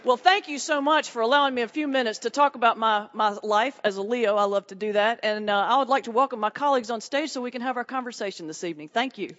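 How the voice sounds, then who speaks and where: A woman pastor doing stand-up, her voice a touch high and full of punchy, folksy timing. She is heard in a big hall with a long echo, and the sound is somewhat muffled. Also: fast, few pauses, fairly bright tone. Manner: folksy Southern humor, punchy delivery with laughs. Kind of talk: stand-up comedy set. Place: large hall before a live audience. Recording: distant echoey hall, muffled.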